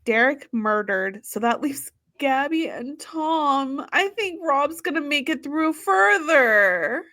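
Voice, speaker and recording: A woman's voice: high-pitched, animated, pushed and bright. A woman co-hosting a podcast, recapping a reality show in a chatty, joking way. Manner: chatty, quick to joke. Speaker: podcast co-host. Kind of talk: casual recap chat.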